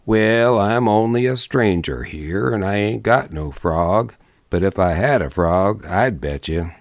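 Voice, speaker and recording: A man voicing a skeptical stranger in a mining camp, speaking slowly and deliberately. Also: on the low side, lively intonation, dry recording, studio quality. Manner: slow, deliberate and doubtful. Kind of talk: audiobook character voice.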